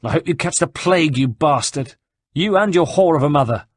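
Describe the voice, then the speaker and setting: A man's voice: fairly high pitch, expressive, fairly quick, no room sound, pitched above the performer's own voice. A man voicing a fiery wounded young thief woman. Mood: furious. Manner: snarling, cursing, sharp-tongued.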